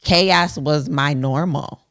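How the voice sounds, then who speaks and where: A woman's voice: low voice, slow pace. A woman co-hosting a podcast, speaking candidly in casual chat and often laughing as she tells stories. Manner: candid, laughing, animated storytelling. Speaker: podcast co-host.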